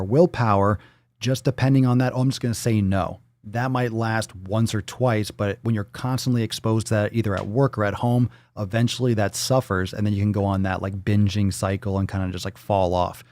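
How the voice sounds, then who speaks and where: A man hosting a fitness livestream. He talks casually, reacting to viewer posts with loud jokes, swearing and pep-talk coaching. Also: on the low side, steady tone, a little fast, dry recording, clean studio sound. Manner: loud, profane, joking, coaching.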